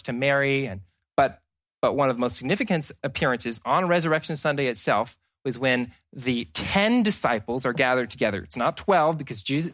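A man's voice: mid-range voice, a bit bright, no room sound. A man preaching a sermon, engaging the audience with questions and moving into paraphrased dialogue and scripture readings.

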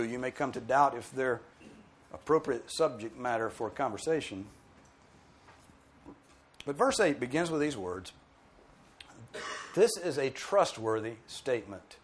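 A man's voice: mid-range voice, slightly rough. A man preaching an expository sermon, explaining a verse and acting out objectors' voices. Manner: animated, emphatic, mimics objectors in quoted asides.

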